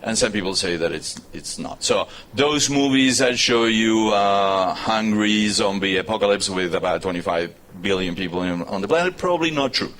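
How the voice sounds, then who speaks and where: A man's voice: fairly low pitch, moderate pace, few pauses. Spanish-accented man giving a lecture. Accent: Argentine Spanish. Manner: restarts and filler-heavy, animated storytelling. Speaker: university lecturer. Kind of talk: live public lecture.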